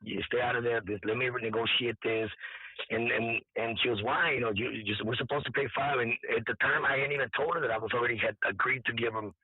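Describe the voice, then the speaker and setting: A hoarse man, an event organizer telling a story in halting, repetitive speech, as if his voice is nearly gone. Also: mid-range voice, steady tone, no room sound. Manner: halting, repeats words, quotes others. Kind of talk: casual interview storytelling. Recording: dry tinny phone-like line.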